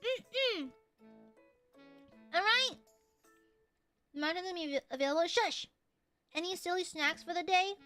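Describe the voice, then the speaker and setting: A woman streamer in casual chat with her viewers, playful and teasing, jumping from loud squeals to low mutters. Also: fast, soft background music.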